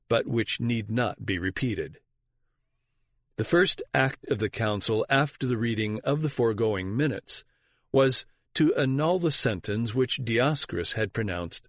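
A man giving scripted narration of church history in a measured, formal reading voice. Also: medium pitch, no room sound, clean studio sound. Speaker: audiobook reader.

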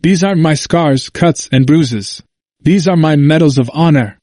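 A man voicing an intense, earnest man in his seventies with a hoarse voice and an emphatic manner, in a dry recording. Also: a little high, unhurried, no echo, pitched above the performer's own voice, close to an everyday voice. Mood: quiet, earnest. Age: 70s. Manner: forceful and emphatic, then near-whispered.

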